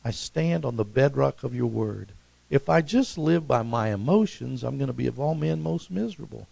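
A man preaching a sermon as pastor, swinging from emphatic, raised lines to soft, low asides, with calls to the congregation. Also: animated, normal speed, creaky, no room sound, rough recording. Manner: rises to emphatic peaks, then drops soft and low; preaching with congregational call-outs.

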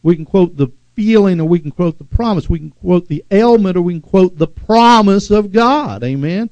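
Male preacher, sermon, emphatic, swells to loud exhortation, fairly high voice, dry close sound. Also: expressive, normal speed, few pauses, no echo, lo-fi sound.

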